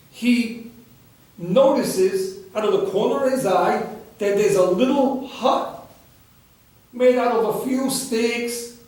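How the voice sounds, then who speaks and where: A man, a meditation teacher, telling a story in a dharma talk in a gentle, unhurried way. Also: sits high. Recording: echoey room, far from the mic.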